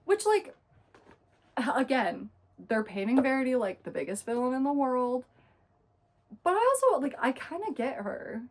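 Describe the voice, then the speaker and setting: A young woman recapping a book in a casual, chatty way, full of fillers and quick asides. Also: high voice, very animated. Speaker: book reviewer.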